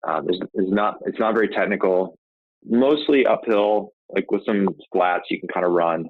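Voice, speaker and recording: Man, very low voice, casual rambling storytelling, tinny phone-like sound, dry. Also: normal speed, no room sound. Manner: rambling, frequent restarts and "like" fillers. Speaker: podcast host telling his own story.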